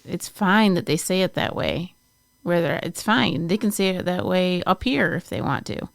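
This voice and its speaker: A woman's voice: lowish voice, expressive, normal speed, gravelly, no room sound, clean studio sound. A woman co-hosting a podcast, chatting casually with matter-of-fact replies. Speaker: podcast co-host. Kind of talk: casual chat.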